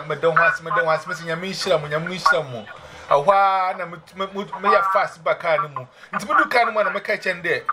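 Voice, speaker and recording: A man with a high voice tells a personal testimony, animated and exclamatory, acting out the voices in his story and calling his listener madam. The recording is buried under loud, constant noise with clicking sounds. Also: fast talker. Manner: animated, exclaims and acts out quoted speech.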